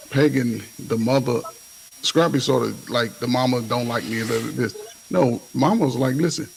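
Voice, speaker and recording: A man with a gravelly voice presses his point in a casual podcast debate. He talks insistently, repeats himself and keeps saying listen. A faint hum sits behind him. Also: mid-range voice, darkish tone, poor audio. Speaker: podcast panelist.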